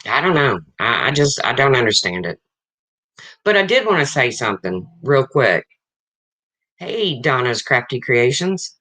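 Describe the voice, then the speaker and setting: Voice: mid-range voice, big pitch swings, unhurried, pushed and bright. A person in their fifties hosting a livestream, talking bluntly and answering viewers in the chat in a casual way. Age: 50s. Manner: blunt and frank, repeats points. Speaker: livestream host.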